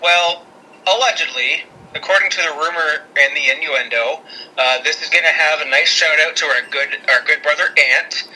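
A man co-hosting a casual wrestling podcast, chatty and excitable with quick asides. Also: on the high side, slight background noise, low-quality recording. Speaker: podcast co-host.

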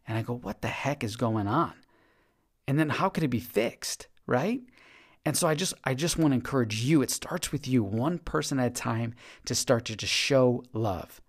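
A man hosting a podcast, giving an earnest, encouraging motivational monologue and often repeating his words. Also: medium pitch. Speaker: podcast host.

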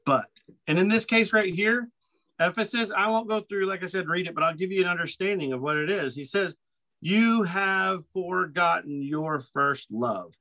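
Bright-voiced man teaching scripture. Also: high-pitched, fairly quick, poor audio. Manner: emphatic, repetitive, reads scripture aloud. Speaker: podcast co-host. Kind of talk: casual Bible teaching.

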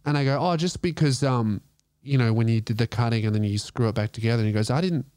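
A man's voice: mid-range voice, fairly even intonation, fast talker, a little mellow, smooth, no room sound, studio quality. An Australian man hosting a comedy podcast, telling stories casually, swearing often and laughing through them. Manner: profane, laughing through his own stories.

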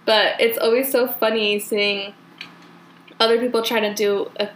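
Chatty Californian woman, bright voice. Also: fairly high pitch, little pitch movement, a little slow, low-quality recording. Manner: chatty, heavy use of "like". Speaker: podcast host. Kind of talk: casual chat.

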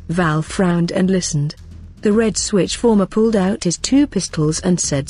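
Woman storyteller, low husky voice, steady plain sci-fi narration. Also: a little slow, soft background music. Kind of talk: reading an amateur sci-fi story.

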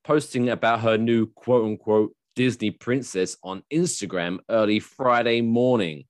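A man hosting a podcast, chatting casually in a jokey, animated way and swearing freely. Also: fairly low pitch, unhurried, hardly any pauses, no room sound, clean studio sound. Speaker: podcast host.

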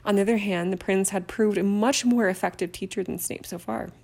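Gravelly-voiced woman reading an audiobook. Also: medium pitch, a little fast. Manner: steady narration with occasional stumbles. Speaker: audiobook reader.

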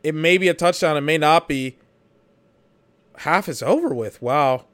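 A man's voice: on the high side, unhurried, a bit bright. A man giving rambling, exasperated commentary while he watches a football game for his podcast, swearing now and then. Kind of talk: live watch-along commentary.

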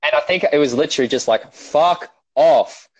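Man telling animated, sweary stories. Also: fairly high pitch, very fast, breathy edge, no room sound. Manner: animated storytelling, swears freely. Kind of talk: casual chat. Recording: dull lo-fi dry sound.

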